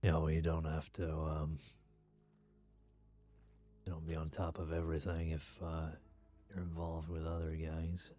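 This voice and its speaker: A man playing a sheriff in a western roleplay, talking in character in a hesitant, calm way. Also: a bass voice, unhurried, pauses often, soft background music.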